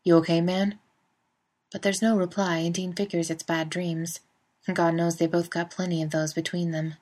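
A woman's voice: lowish voice, flat delivery, normal speed, a little mellow. A woman narrating a fan fiction story in a wry, conversational way. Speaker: reader. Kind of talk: fan fiction audiobook reading.

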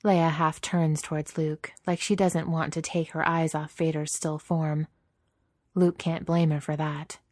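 A woman narrating a story aloud in a steady, even reading voice. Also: low voice, measured pace, no echo, clean studio sound. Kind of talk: reading fan fiction aloud.

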